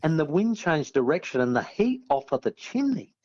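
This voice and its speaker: An Australian man, a former sportsman as guest, telling a story in a lively, laughing way. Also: a little high, moderate pace, lo-fi sound. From South Australia. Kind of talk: casual anecdote telling.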